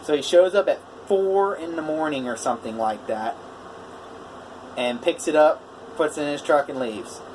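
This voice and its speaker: A welder man talking straight to the camera in a casual vlog, retelling a customer dispute. He jumps between his own even voice and the other man's heated lines. A faint hum sits under the voice. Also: fairly high pitch, moderate pace. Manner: animated retelling, quoting both sides of a phone argument. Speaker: welder telling a customer story.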